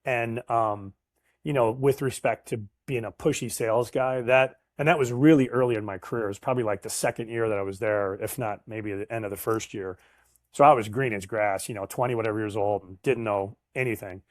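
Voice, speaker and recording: Middle-aged male guest, anecdotal and animated, dry close-miked sound. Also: on the low side, a little fast, dry recording. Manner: animated storyteller, acts out quoted voices. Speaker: guest, sales professional. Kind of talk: casual storytelling interview.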